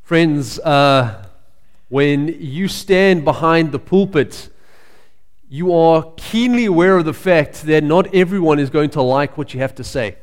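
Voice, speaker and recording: A male pastor preaching a sermon in a conversational storytelling way, pausing with frequent fillers. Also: a little high, animated. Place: church sanctuary. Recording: long reverb of a church hall.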